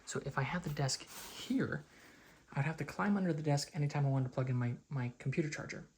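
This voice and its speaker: A man's voice: fairly high pitch, brisk, darkish tone, roomy sound. A young man talking casually at home in a rambling vlog, full of fillers as he explains his room setup. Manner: rambling, chatty, filler-heavy. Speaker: vlogger. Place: home, rooms and stairs.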